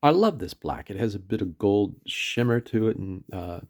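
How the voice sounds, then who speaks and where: A man's voice: on the low side, animated, moderate pace, a little mellow. A man with a Canadian accent reviewing his favourite inks in a casual, rambling vlog, full of hesitations, fillers and self-corrections. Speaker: pen and ink reviewer.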